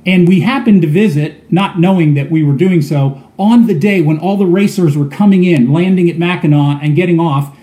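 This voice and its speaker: A man's voice: a little high, normal speed, few pauses, warm tone. A man preaching a sermon, telling a story earnestly and often repeating words as he goes. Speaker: pastor. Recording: echoey room.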